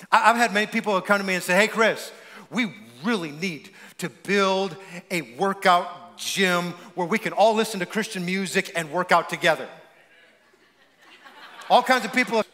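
A man preaching a sermon as pastor, energetic and repetitive with stammered restarts. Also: high voice, long reverb tail. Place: church sanctuary.

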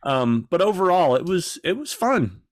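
A man's voice: high voice, normal speed, no echo, clean studio sound. A man co-hosting a podcast, telling stories in a casual, profane way and acting out other people's voices. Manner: animated storytelling, profane, acts out voices. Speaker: podcast co-host. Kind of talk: casual chat.

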